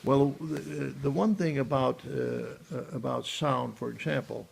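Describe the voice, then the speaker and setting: A man's voice: mid-range voice, measured pace, vocal fry, few pauses, a little mellow. A man giving a museum tour, explaining exhibits in a rambling way with many hesitations and restarts. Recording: echoey room, faint background noise.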